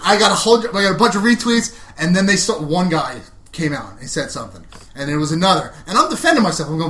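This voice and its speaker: A man's voice: fairly high pitch, big pitch swings, quick pace, bright, forceful tone. A man in casual podcast chat, telling brash stories and acting out what people said. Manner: brash, boastful storyteller who acts out quotes. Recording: roomy room sound.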